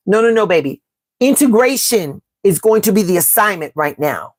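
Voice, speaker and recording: Woman, from Chicago, live-stream tarot host; emphatic and repetitive, mid-pitched, dry close sound. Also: animated, normal speed, no echo. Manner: emphatic and repetitive, calling viewers "baby" and "y'all"; reads out and answers the live chat. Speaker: tarot reader and astrology host.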